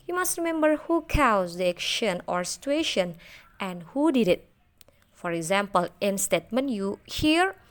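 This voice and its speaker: A young woman teaching an English listening lesson, explaining carefully with fillers and restarts, in non-native English. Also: fairly high pitch.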